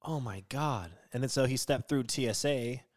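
Brief: young man, mid-pitched, swears and jokes freely, casual podcast co-host, dry sound. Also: moderate pace, no echo. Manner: crude jokey banter, swearing. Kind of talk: casual news chat.

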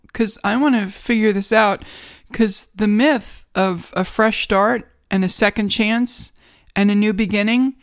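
A woman's voice: mid-range voice, dry recording, studio quality. A woman with a New York accent hosting a casual solo podcast from a home guest bedroom, sarcastic, rambling and self-mocking. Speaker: podcast host.

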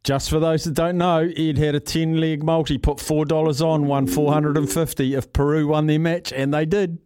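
Brisk New Zealand radio host. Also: male voice, fairly high pitch, flat delivery, background noise. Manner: brisk, friendly banter. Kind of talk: radio talkback.

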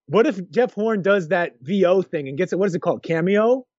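Brief: male podcast co-host, high voice, dry close mic, dull tone, jokey and animated. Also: a little fast, no room sound. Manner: animated, jokey, restarts often. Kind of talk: casual chat.

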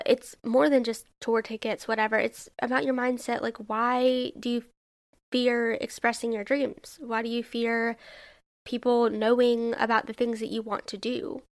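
A woman's voice: a little high, vocal fry. A young adult woman hosting her own podcast, talking alone in a rambling, self-questioning way with lots of "like". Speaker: podcast host. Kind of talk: casual solo podcast monologue.

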